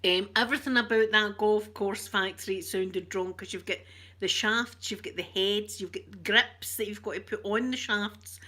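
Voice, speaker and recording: A woman's voice: mid-range voice, fairly even intonation, normal speed, pushed and bright. A woman with a Scottish accent chatting casually to her viewers, telling stories and laughing often. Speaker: ASMR streamer chatting with viewers. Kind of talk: casual chat.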